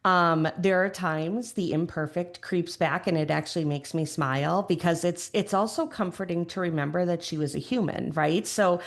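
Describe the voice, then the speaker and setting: Woman, Chicago accent, middle-aged, low voice, gravelly fry, reflective, thoughtful podcast guest. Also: normal speed, few pauses. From Chicago area, USA. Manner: thoughtful, searching for words, frequent restarts. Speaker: podcast guest, grief educator. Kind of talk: reflective conversational interview.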